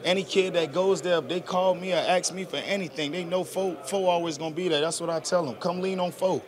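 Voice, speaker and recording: A man's voice: sits high, fairly even intonation, a little fast, a crowd in the background. A young man, a football player answering press questions in an earnest, casual, slangy way. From South Georgia, US. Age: 20s.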